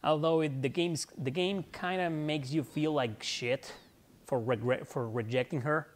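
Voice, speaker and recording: A man's voice: on the high side, unhurried, slight background noise. Laid-back man doing game commentary. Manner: laid-back, chatty, cursing, laughing at himself. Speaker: gaming channel host. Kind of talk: casual gameplay commentary.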